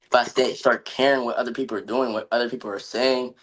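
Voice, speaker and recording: A man's voice: mid-range voice, fairly even intonation, quick pace, a bit bright, low-quality recording. A man in casual podcast chat, speaking earnestly about motivation and staying true to himself, often saying "bro" and "you feel me". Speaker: podcast guest.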